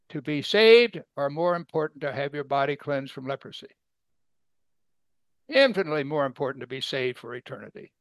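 A man's voice: sits high, no room sound. A man preaching a conversational sermon, asking rhetorical questions and acting out quoted voices. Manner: acts out quoted speakers with sudden loud excited bursts. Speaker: Bible teacher.

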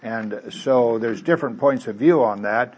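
A man preaching a sermon in a folksy, conversational way. He drops to quiet asides and then reads scripture loudly and emphatically. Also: mid-range voice, normal speed. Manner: swings from quiet asides to loud emphatic reading.

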